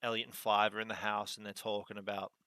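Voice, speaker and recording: A man's voice: fairly low pitch, flat delivery, quick pace, sharp tone, slight background noise. A man from Australia, a podcast guest rambling through a casual episode breakdown and laughing often.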